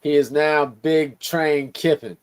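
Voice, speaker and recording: A man's voice: a little high, steady tone, slow, clean tone. A man from Louisiana, a guest on a casual sports talk stream, laid-back and agreeable, with some cussing.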